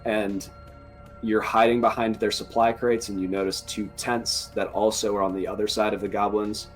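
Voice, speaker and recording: A man narrating as dungeon master in a joking, relaxed manner. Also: fairly low pitch, normal speed, faint music behind. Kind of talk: narrating a tabletop game.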